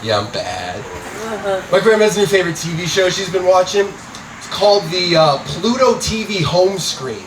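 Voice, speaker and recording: A young man from Scranton, doing a stand-up comedy set on a club stage with deadpan delivery and loud punchlines. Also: high voice, a little fast. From Scranton, Pennsylvania, USA. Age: young adult. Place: comedy club stage before a live audience. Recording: roomy club audio from a distance with noise.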